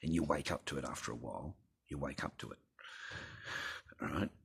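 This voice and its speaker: A man's voice: a bass voice, brisk, creaky, husky. An Australian man telling a personal story in a blunt, rambling rant full of swearing. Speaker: vlogger.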